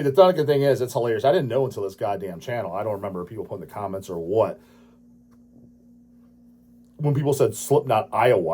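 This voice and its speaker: Husky man ranting with heavy swearing. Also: lowish voice, a little mellow. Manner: crude, swearing, dismissive ranting. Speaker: channel host answering viewer questions. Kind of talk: profane ranting casual talk.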